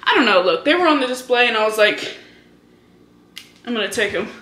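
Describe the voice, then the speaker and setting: Bright, fired-up young woman vlogger. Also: on the high side, very animated. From Hawaii, US. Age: 20s. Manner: fast, heated, profane storytelling. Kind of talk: casual vlog chat to camera. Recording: echoey room with faint noise.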